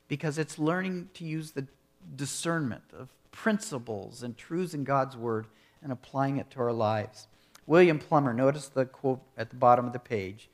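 Male preacher, mid-pitched, earnest and measured, steady sermon cadence with rhetorical questions.

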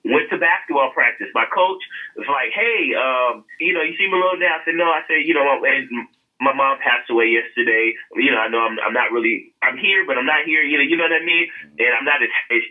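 A man's voice: medium pitch, sharp tone, low-quality recording. A man co-hosting a podcast, telling a personal story in earnest with fillers and a laugh now and then. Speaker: podcast co-host. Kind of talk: casual podcast chat.

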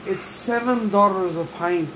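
A woman's voice: medium pitch, a little slow, a bit bright. A woman co-hosting a podcast, a bit tipsy, swearing a lot and putting on a mock Irish-Scottish accent. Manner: profane, combative, talks over others. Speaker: podcast co-host. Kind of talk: casual argumentative chat. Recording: noisy room with humming air conditioner.

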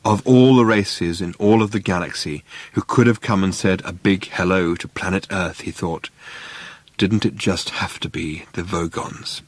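Low-voiced man narrating an audiobook. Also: fairly even intonation, unhurried, no room sound.

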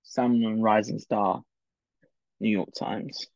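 A man's voice: lowish voice, fairly even intonation, takes it slowly, vocal fry, darkish tone, no echo, lo-fi sound. A man hosting a solo political history podcast, chatty and opinionated, with many digressions and asides. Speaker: podcast host.

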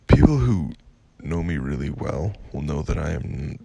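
A young man venting in a casual storytime rant, profane and exasperated, with a gravelly, husky voice. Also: rumbling low, fairly even intonation, normal speed, warm tone. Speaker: vlogger.

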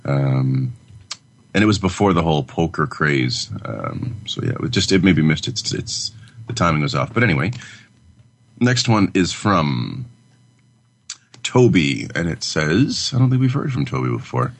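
A man's voice: very deep voice, sing-song, a little slow, gravelly, slightly rough. A man co-hosting a film podcast in casual crude chat, joking often and reading out listener email. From Canada. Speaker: podcast co-host.

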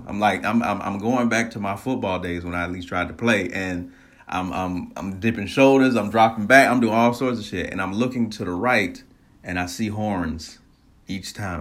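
A man casually telling a personal story, animated, laughing often and swearing freely. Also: fairly low pitch, moderate pace.

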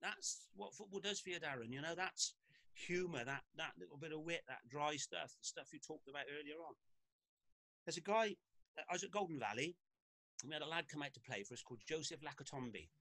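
Bright-voiced ex-footballer telling stories. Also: male voice, on the high side, fairly quick, dry recording, rough recording. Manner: lively anecdote-teller with frequent laughs. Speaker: podcast guest, former footballer. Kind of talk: casual podcast storytelling.

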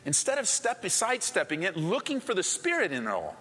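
A man preaching a sermon, his voice bright and forceful and pitched a little high. He leans on emphatic repetition, and a long reverb trails each phrase. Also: huge pitch swings, brisk, husky. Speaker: pastor.

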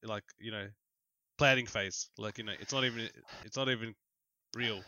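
A man's voice: fairly low pitch, fairly even intonation, moderate pace, pushed and bright, no room sound. A young man, chatting casually and joking as a podcast co-host. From Australia. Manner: jokey, laughs often. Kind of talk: casual chat.

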